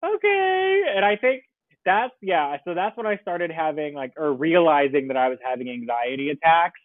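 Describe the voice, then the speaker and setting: A man as a podcast guest, telling a story in an animated, casual way and laughing often. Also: a little high, moderate pace, dry recording. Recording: tinny phone-like line, dry.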